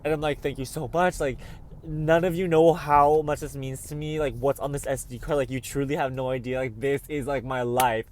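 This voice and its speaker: A man's voice: mid-range voice, fairly even intonation, normal speed, a little mellow. A young man vlogging, telling a dramatic story in a chatty way and calling the listener "babes" often. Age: young adult. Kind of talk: casual storytelling vlog.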